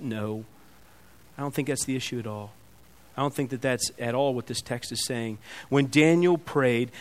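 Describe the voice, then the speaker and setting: A pastor preaching a sermon, telling the story dramatically and swinging from loud emphasis to hushed lines. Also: male voice, medium pitch.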